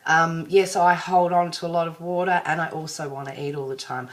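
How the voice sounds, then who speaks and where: A woman's voice: low-pitched, fairly even intonation, a little fast. An Australian woman chatting to her viewers in a casual vlog, rambling and self-deprecating. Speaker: vlogger.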